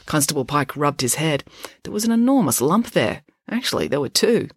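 A woman author reading her children's story aloud in an expressive storytelling manner. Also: sits low, brisk, slight background noise. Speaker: author and narrator. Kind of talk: audiobook-style story reading.

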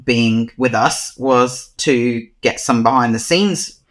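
A man's voice: mid-range voice, slow, a bit bright. A man appearing as a podcast guest, chatting casually and hesitantly as he searches his memory. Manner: hesitant, searching for details, frequent restarts. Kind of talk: casual chat.

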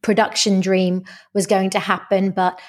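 A woman's voice: mid-range voice, unhurried. A woman coaching on dating and relationships, chatting as a podcast guest and acting out the voices in her stories. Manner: animated storyteller who acts out quoted dialogue. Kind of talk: casual podcast interview.

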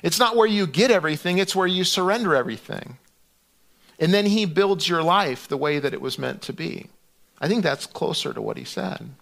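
Middle-aged male pastor, fairly high voice, chatty sermon delivery with lots of restarts. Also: moderate pace, creaky. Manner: conversational, animated storytelling with restarts.

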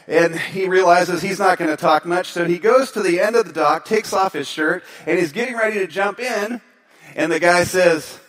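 A male pastor preaching a sermon, telling a story with lively energy and leading a quiet prayer. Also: high-pitched, moderate pace. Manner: storytelling, animated, then softer in prayer.

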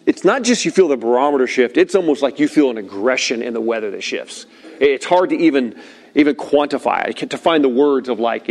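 A middle-aged man preaching to a room of listeners at tables, telling a story in a lively way and acting out the lines he quotes. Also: mid-range voice, a little fast. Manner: animated storyteller, acts out shouted quotes. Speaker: pastor. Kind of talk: sermon with personal story.

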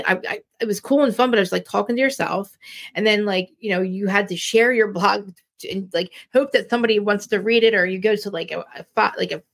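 A woman's voice: mid-range voice, gravelly. A woman from New Jersey with a Jersey accent, hosting a casual live-stream chat in a blunt, rambling way with many restarts. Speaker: live-stream podcast host.

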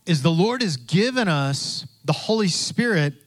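A man preaching in an easy, conversational style, his voice sitting a little high for a man. He repeats his phrases as he goes and slips into the voices of the people he quotes. The sound is dry and close to the mic. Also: expressive, measured pace, no room sound. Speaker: pastor. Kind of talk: sermon.

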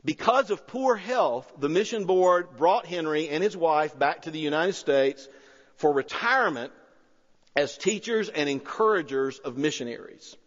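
A man preaching a sermon, telling a story with rising excitement and then pleading quietly and earnestly. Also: fairly high pitch, a little slow. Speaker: pastor. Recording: long-reverb hall, slightly dull sound.

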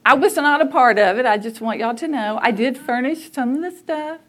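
A woman speaks in a high, bright voice. She is middle-aged and tells a family story to a church crowd. She talks animatedly, laughs often and acts out what people said. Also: fairly quick. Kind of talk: storytelling talk to a church audience.

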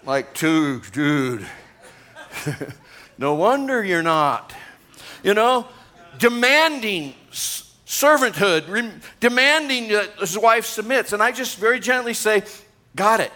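A man's voice: very high-pitched, expressive, unhurried, bright, forceful tone. A man in his sixties, a pastor, preaching a sermon to a congregation in a conversational way, with asides to the room. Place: church gathering.

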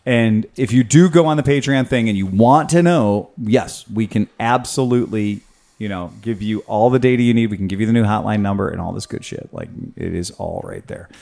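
A man's voice: lowish voice, brisk, vocal fry, darkish tone. A man hosting a casual podcast, a motorcycle mechanic who swears freely while patiently explaining tech questions step by step.

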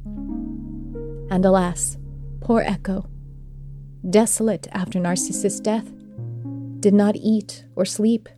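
A woman host narrating an old myth in a gentle, measured storytelling style. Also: medium pitch, fairly even intonation, over music.

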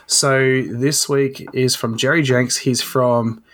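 A man's voice: medium pitch, steady tone, takes it slowly, a bit bright. A man hosting a casual maker podcast, talking in a loose, rambling way with fillers. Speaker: podcast host.

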